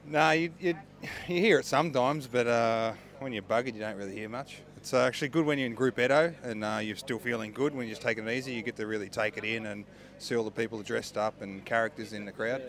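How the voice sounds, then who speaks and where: A man's voice: medium pitch, fast talker, a bit bright. An Australian man, a pro cyclist, answering questions outdoors in a cheerful, chuckling, slangy way. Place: outdoors at a bike race.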